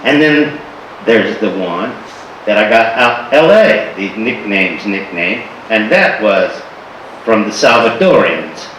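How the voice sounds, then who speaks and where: A man from Florida telling comic stories on stage in an animated, exaggerated, playful way. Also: fairly low pitch, slow. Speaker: performer. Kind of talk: stand-up storytelling. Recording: echoey hall from far off with faint noise.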